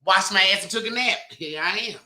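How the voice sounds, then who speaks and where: Bright, joking woman co-host in a roomy echo. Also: fairly quick. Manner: loose, joking, drops to low mutters. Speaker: podcast co-host. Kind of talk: raunchy casual banter.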